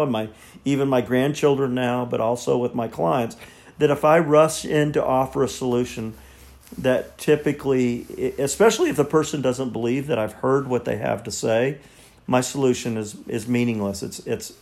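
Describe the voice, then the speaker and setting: Older male counselor in his sixties, earnest, halting, slightly gravelly, mid-pitched. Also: darkish tone. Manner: earnest, halting, repeats words. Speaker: marriage counselor. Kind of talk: reflective teaching monologue.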